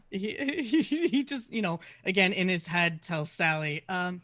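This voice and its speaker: A woman player in a tabletop game, chatty and quick to laugh, with lots of fillers. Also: on the low side, lively intonation, fairly bright tone. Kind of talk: playing a character in a tabletop game.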